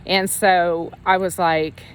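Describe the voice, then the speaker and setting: A Christian ministry leader shares her personal faith testimony in casual, earnest storytelling that is emotional and rambling, with frequent restarts. She speaks slowly in a lowish, level-toned voice, and there's a little hiss or hum in the audio.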